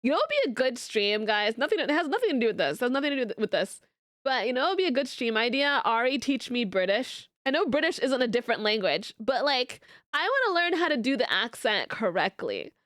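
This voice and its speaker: A woman's voice: on the high side, very animated, fast talker, fairly bright tone, no room sound, clean studio sound. A woman streamer chatting casually with her viewers, rambling and restarting her sentences. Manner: rambling, many fillers and restarts.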